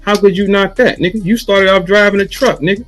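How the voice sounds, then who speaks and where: A man from St. Louis, a battle rapper, in a heated rant full of swearing, taunting his target and mimicking a flat chant. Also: sits high, fairly quick, faint music behind, rough recording. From St. Louis, USA.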